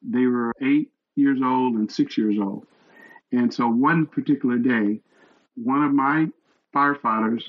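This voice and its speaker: A man's voice: mid-range voice, highs cut off. A man in his sixties, a retired fire captain, telling stories earnestly as an interview guest. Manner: earnest, animated storyteller. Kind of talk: storytelling interview.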